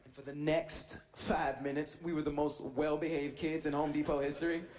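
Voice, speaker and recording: A man's voice: a little high, normal speed. A man doing stand-up comedy, telling a story and laughing as he goes. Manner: animated, laughing through his own story. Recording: noisy live stage recording.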